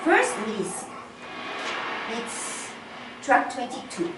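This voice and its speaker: A woman's voice: a little high, wildly swooping pitch, over loud music. A woman teaching an English class, patient and explaining each phrase with repetition. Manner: slow, patient, repeats and translates each phrase. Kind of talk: online class instruction. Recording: roomy, distant recording.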